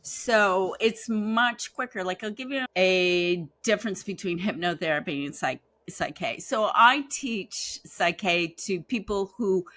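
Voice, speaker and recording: A chatty woman explains her work in a casual interview, animated and storytelling. Her voice sits at an ordinary middle pitch. The recording is close and dry. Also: unhurried, hardly any pauses, no room sound. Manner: chatty, animated, acts out quoted dialogue. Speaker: guest, belief-change facilitator and hypnotherapist.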